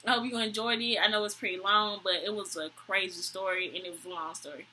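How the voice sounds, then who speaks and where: A young woman, telling a story to camera in an animated, exasperated way. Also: fast talker, a little hiss or hum, low-quality recording. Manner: animated, exasperated, quotes people with high voices. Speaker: vlogger. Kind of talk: storytime vlog, casual chat to camera.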